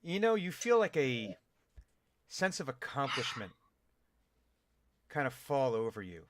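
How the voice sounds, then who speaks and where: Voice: medium pitch, very animated, a little slow, dry recording, clean studio sound. A game master narrating a tabletop role-playing game in a playful, laugh-filled way.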